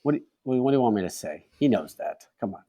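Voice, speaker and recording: A man's voice: medium pitch, animated, fast talker, warm tone. A man co-hosting a podcast in casual chat, joking and building up punchlines. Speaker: podcast co-host.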